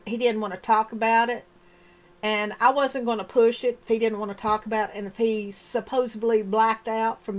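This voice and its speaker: A woman telling a story from her own life in an animated, expressive way, acting out the remembered dialogue. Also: fairly high pitch. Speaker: storyteller sharing personal experience. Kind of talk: personal storytelling monologue.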